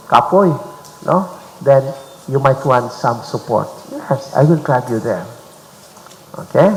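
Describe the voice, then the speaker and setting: Filipino bishop in an echoey hall. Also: male voice, fairly high pitch, slight background noise. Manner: mixes English with Tagalog and Visayan, teasing the audience with repeated "okay?". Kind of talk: retreat talk. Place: large retreat hall. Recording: echoey hall recording, faint ambience.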